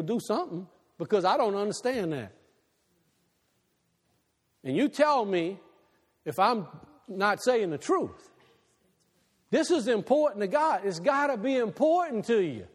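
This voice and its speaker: A man preaching a sermon with a fairly high voice that swings widely up and down. His delivery is animated, loud one moment and hushed the next. His voice carries a long reverb, as if heard in a big hall. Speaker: pastor.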